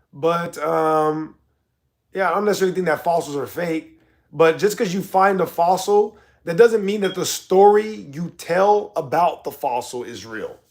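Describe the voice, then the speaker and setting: Man livestream host, high voice, mocking and argumentative, faint music behind. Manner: argumentative, mocking, drawn-out emphasis. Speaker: livestream host reading chat. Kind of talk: casual livestream chat.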